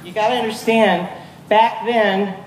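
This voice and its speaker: Energetic woman rallying a crowd. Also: mid-range voice, a little slow. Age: 50s. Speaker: guest speaker at a charity walk. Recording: echoey PA from far off, crowd noise.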